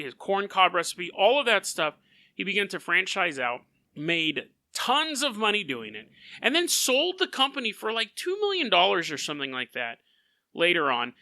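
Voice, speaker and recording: A man tells a story on his podcast in a high, very bright voice that swings widely in pitch. He keeps the delivery animated and often laughs mid-sentence, close on a podcast mic in a dry room. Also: no echo. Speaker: podcast host.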